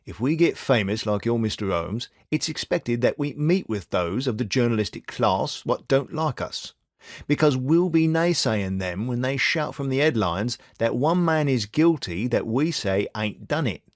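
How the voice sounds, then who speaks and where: A steady, shrewd young detective, read by a male narrator, who gives blunt advice in a voice. His tone is wry and reassuring, and his pitch moves with a lively rise and fall. The recording is dry and close. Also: moderate pace, no echo, lightly acted.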